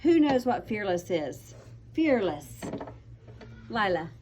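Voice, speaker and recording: A woman's voice: medium pitch, very animated, slow pace, a little mellow, slight background noise. A young woman teaching a class of children, patient and encouraging, calling on pupils by name. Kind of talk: classroom vocabulary lesson.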